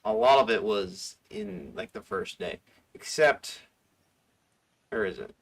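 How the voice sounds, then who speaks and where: A man's voice: on the low side, very animated, slow pace, vocal fry, breathy edge. A man hosting a casual livestream, rambling, correcting himself and laughing often. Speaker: livestream host.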